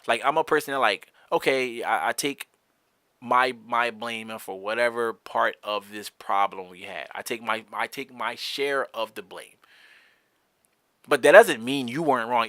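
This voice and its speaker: Bright, heated, profane man podcasting. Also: medium pitch, unhurried, no echo, clean studio sound. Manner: heated, profane, rambling with repeated restarts. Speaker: podcast host. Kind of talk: candid solo podcast monologue.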